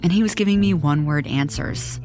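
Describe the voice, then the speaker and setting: A woman reporter narrating a documentary story in a measured, wry storytelling voice. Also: sits low, darkish tone, faint music behind.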